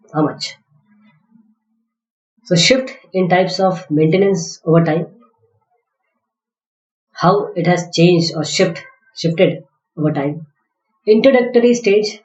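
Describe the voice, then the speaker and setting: A man lecturing from slides, halting often with fillers and restarts as he explains each point. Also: high-pitched, warm tone. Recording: dull, echoey classroom recording.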